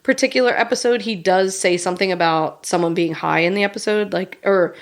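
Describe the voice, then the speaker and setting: A woman co-hosting a podcast, chatting casually with friends. She talks in an animated way, swears freely and breaks into laughter. Her voice sits at an ordinary middle pitch. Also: fairly quick. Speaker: podcast co-host. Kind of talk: casual chat.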